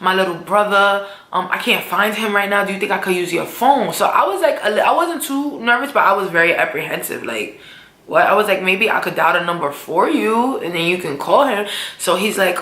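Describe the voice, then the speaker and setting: Young woman vlogger, lively slangy storytelling, bright voice in an echoey room. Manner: animated, slangy, acts out quotes in a high voice. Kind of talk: casual storytime.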